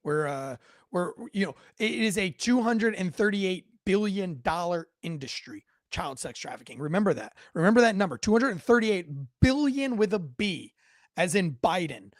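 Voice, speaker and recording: Fairly high-voiced rambling male news host. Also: expressive, moderate pace, dry recording, clean studio sound. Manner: rambling, sarcastic asides, frequent self-corrections. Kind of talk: casual news commentary. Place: home.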